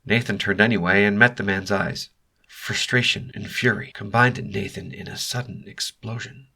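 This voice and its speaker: Low, bright-toned male narrator. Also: steady tone, moderate pace, creaky. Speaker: audiobook narrator. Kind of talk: scripted narration.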